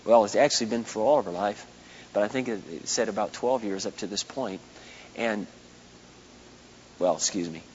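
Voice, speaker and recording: A man's voice: medium pitch, husky. A man from Minnesota preaching a storytelling sermon, acting out the voices in his stories. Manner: animated, acts out quoted voices, laughs at himself. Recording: muffled lo-fi recording.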